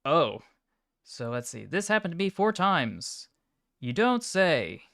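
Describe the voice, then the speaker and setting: A man livestreaming, reacting to chat images in an offhand, mumbling way with sudden excited outbursts. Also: on the high side, slow pace, vocal fry, no echo, clean studio sound. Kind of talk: casual live-stream commentary.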